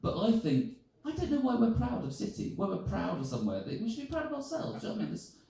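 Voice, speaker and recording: A man's voice: very high-pitched, huge pitch swings, fast talker, vocal fry, warm tone, very echoey, far from the mic. A man doing stand-up comedy before a live audience, chatty and self-mocking, swearing freely.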